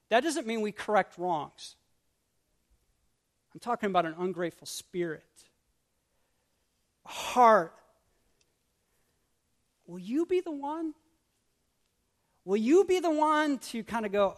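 A man preaching a sermon as pastor, swinging from urgent repeated questions to hushed prayerful lines and acting out grumbling voices. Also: high voice, measured pace, pauses often. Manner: acts out grumbling voices with asides.

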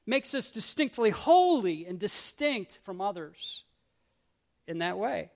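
A man preaching a sermon as pastor, swinging from urgent repeated questions to hushed prayerful lines and acting out grumbling voices. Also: high-pitched, very animated, slow, gravelly. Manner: acts out grumbling voices with asides.

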